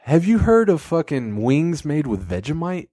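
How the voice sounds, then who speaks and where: A man's voice: fairly high pitch, very animated, moderate pace, warm tone, dry recording, studio quality. A man co-hosting a podcast in casual chat, laid-back and profane, often laughing. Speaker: podcast co-host.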